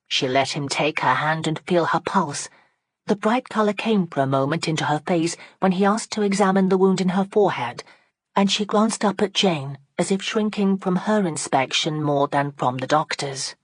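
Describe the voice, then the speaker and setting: A woman reads a classic novel aloud in a measured, unhurried way. Her voice sits low for a woman, and the recording is dry and close to the mic. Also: dry recording. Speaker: audiobook narrator. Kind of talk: scripted narration.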